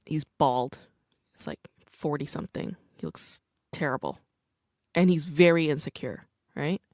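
A woman's voice: sits low, unhurried, no echo, studio quality. A woman hosting a casual conversation, telling stories candidly and animatedly with lots of "like". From United States. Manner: candid, animated storytelling with frequent "like".

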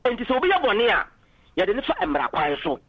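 High-voiced fast man on phone. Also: huge pitch swings, dry recording, dull audio. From Ghana. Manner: passionate, argumentative, mixes in English phrases. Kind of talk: political call-in talk.

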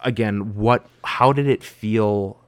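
A man's voice: lowish voice, takes it slowly, dry recording. A man hosting a podcast, talking casually with lots of fillers and restarts. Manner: rambling, many fillers and restarts. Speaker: podcast host. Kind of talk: casual conversation.

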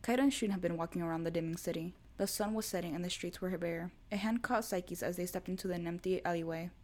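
A woman's voice: fairly low pitch, quick pace. Woman reading a story aloud. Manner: steady storytelling. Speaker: podfic reader. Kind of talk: scripted narration.

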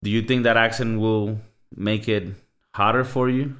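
Casual and profane, a Latin American man co-hosting a podcast fills his loose talk with "bro" and "like." His voice is on the low side, a bit bright and steady in tone, at normal speed.

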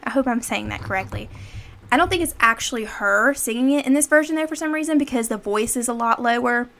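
A woman's voice: a little high, fast talker, fairly bright tone. A woman co-hosting a podcast, casually retelling a horror movie scene by scene with lots of fillers and quoted lines. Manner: chatty, filler-heavy retelling with acted quotes. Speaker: podcast co-host. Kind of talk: casual movie recap chat.

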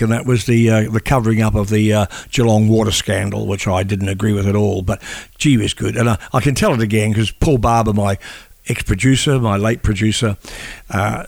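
A man's voice: lowish voice, vocal fry, a little mellow, no room sound. An older man, a veteran journalist talking in casual chat and often repeating words as he thinks.

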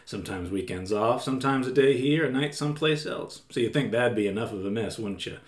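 A man's voice: medium pitch, fairly quick, lightly acted. A man voicing a chatty, folksy male mill worker from Oregon in an old-timey drawl, recorded in a roomy space. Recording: roomy echo.

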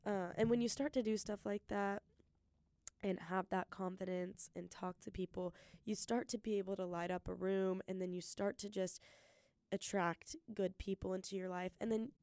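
A young woman hosting a solo podcast, giving an earnest, excited pep talk and talking fast. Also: medium pitch, clear, resonant tone, dry recording. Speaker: podcast host.

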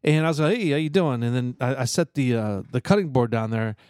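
A man's voice: medium pitch, a little fast, darkish tone, clear, resonant tone, no room sound. A man co-hosting a casual podcast, telling a rambling, profane story full of restarts. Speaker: podcast co-host.

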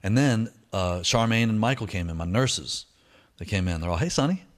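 A middle-aged man telling a personal story in a casual, slangy way, switching into lively voices for the people he quotes. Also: low voice, normal speed. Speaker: speaker sharing a recovery story.

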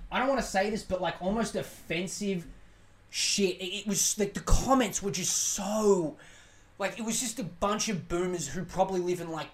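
A man with an Australian accent hosting a casual solo podcast, ranting sarcastically and swearing as he jumps between tangents. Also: sits high. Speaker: podcast host. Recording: roomy echo.

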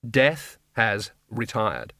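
A man voicing an unearthly empty hooded robe in an audiobook, speaking slowly, flatly and without feeling. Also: mid-range voice, dry recording, clean studio sound. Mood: detached. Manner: slow, flat, detached.

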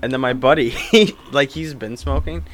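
A man's voice: mid-range voice, moderate pace. A young man telling a story in casual chat on a podcast, often breaking into laughter. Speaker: podcast co-host.

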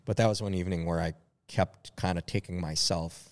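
Deep-voiced man reflecting slowly. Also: fairly even intonation. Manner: reflective, searching for words with many fillers. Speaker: podcast co-host. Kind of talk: casual chat.

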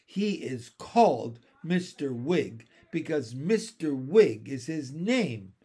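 A man reading aloud and voicing a stern, prim woman nanny with a crisp, haughty manner. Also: mid-range voice, big pitch swings, slow, warm tone, heavily acted.

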